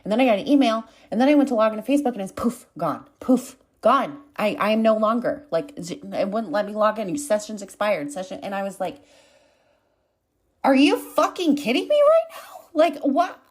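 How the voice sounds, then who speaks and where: Speaking fairly quickly at medium pitch with few pauses, this woman hosts her own podcast. She coughs while recovering from a cold, telling a story candidly in a casual monologue and swearing freely.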